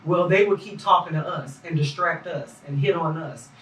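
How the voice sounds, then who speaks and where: A man's voice: on the high side, normal speed, fairly bright tone, slight background noise. A man recounting what he observed as a poll challenger in an emphatic, detailed way, recorded in an echoey room from a distance. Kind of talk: interview testimony.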